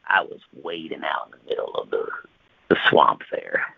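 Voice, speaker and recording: A man telling a rambling, profane comic tall tale on the radio, swinging from loud outbursts to hushed whispers. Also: extremely low pitch, big pitch swings, moderate pace, gravelly, breathy edge, phone-quality sound.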